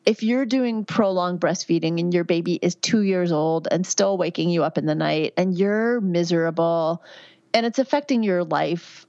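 A candid woman in her fifties speaks in a lowish voice, giving advice in a chatty way full of "um" and "you know". The recording sounds dull and lo-fi, with a dry close sound. She talks like a physician on a podcast. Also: normal speed, no room sound. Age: 50s. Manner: candid, chatty, warm advice with frequent fillers. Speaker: physician guest. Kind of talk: podcast interview answers.

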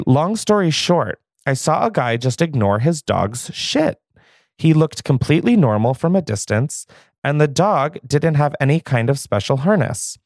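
A man's voice: mid-range voice, dry recording, clean studio sound. A man hosting a podcast, reading stories aloud in a profane, gossipy manner, jittery from caffeine and laughing often. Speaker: podcast host.

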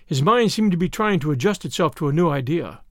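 A man narrating an audiobook with a dramatic, expressive reading. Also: a little high, brisk, no room sound, studio quality.

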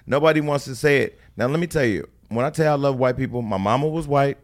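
Emphatic storytelling man, mid-pitched. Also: fast talker. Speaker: podcast co-host. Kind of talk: casual chat.

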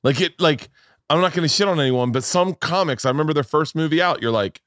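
A man's voice: on the high side, fast talker, fairly bright tone, dry recording, clean studio sound. A man hosting a podcast, asking questions in a rambling casual way with many restarts. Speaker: podcast host. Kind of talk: casual interview chat.

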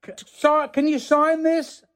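A man voicing a coarse, excitable male lorry driver in a pub, swearing and gushing. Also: very high-pitched, unhurried, pitched above the performer's own voice. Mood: starstruck.

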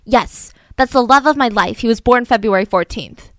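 A woman casually telling a true-crime story to a co-host, chatty and animated, with frequent asides. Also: fairly high pitch, moderate pace, no echo.

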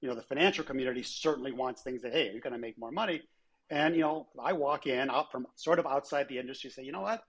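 A man's voice: medium pitch, quick pace, husky. A man, a former airline chief executive, telling anecdotes in an interview and acting out the dialogue he quotes. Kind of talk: conversational storytelling interview.

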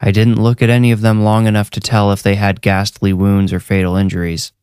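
A man's voice: fairly low pitch, level tone, a little fast, darkish tone, clear, resonant tone, no room sound. A man narrating a first-person horror story in a dry, matter-of-fact way. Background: faint music.

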